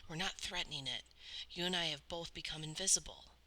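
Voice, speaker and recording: A woman reading aloud and voicing a remorseful teenage boy who speaks earnestly and quietly. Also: on the low side, moderate pace, low-quality recording. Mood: hushed.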